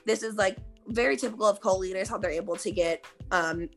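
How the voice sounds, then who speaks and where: A woman's voice: medium pitch, fairly quick, faint music behind. A young woman co-hosting a podcast, explaining earnestly in casual chat with many fillers and casual swearing. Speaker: podcast co-host.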